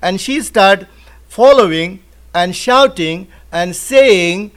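A man leading a Bible study in an animated way, acting out the quotes with sudden swings in loudness and some nonstandard grammar. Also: high voice, slow, clear, resonant tone. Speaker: Bible teacher.

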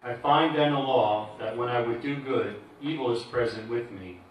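A man reading Bible verses aloud in a steady, formal way during a service. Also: mid-range voice, moderate pace, a little hiss or hum. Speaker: scripture reader. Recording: echoey room, distant from the mic.

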